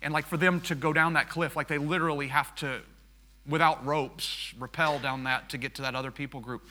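A man preaching through a story, acting out the dialogue and dropping to a hushed tone when he reflects. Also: a little high, fairly quick, slight background noise. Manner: animated storyteller who acts out the dialogue and turns soft and hushed for reflection. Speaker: missionary pilot preaching. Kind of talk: storytelling sermon.

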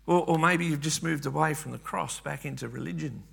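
A man's voice: a little high, fairly quick, creaky, fairly bright tone, breathy edge. A man preaching a sermon earnestly, often repeating words and restarting phrases.

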